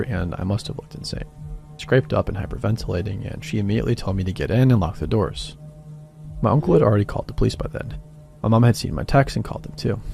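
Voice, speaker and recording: A man reading a first-person horror story as scripted narration, in a quiet, even way. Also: on the low side, gravelly. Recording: voice-over with faint music beneath.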